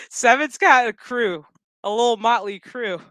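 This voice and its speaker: Male reviewer, casual and profane, bright and clear-voiced. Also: extremely high pitch, no echo. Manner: profane, chatty, laughs often. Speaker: show reviewer.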